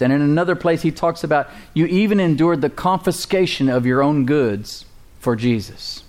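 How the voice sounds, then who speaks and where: This American pastor preaches with emphasis, firing rhetorical questions at his congregation. He speaks at a normal speed in a fairly high, somewhat dark voice.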